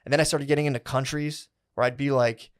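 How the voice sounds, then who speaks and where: A man's voice: medium pitch, steady tone, quick pace, clear, resonant tone. Rambling, profane male podcast host. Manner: rambling, profane storytelling full of "like" and "dude", acting out quotes. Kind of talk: casual podcast chat, storytelling.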